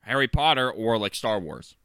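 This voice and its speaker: A man's voice: medium pitch, animated, moderate pace, pushed and bright, a little hiss or hum. A man co-hosting a podcast in casual banter, rambling and tagging lines with questions. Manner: rambling, tags lines with "right?" and "mate". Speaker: podcast co-host.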